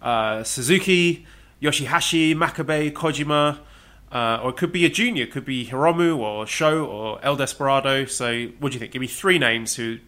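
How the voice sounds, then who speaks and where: Methodical man with a bright voice. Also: medium pitch. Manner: methodical, runs through lists, measured. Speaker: podcast co-host. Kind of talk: casual podcast chat about wrestling.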